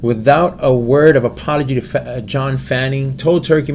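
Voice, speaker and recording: A man reading a story aloud in a steady way, with small slips and restarts. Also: mid-range voice, moderate pace, few pauses, a little hiss or hum.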